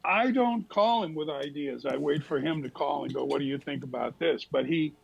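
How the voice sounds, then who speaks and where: An older man telling lively anecdotes as a talk show guest, dropping into quick impressions of other people. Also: on the high side, vocal fry, slightly rough, dull audio. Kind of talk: casual storytelling interview.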